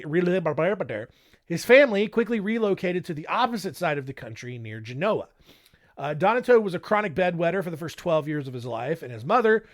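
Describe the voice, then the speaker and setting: A young man hosting a casual true-crime podcast, narrating with joking, irreverent asides. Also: on the high side. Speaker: podcast host.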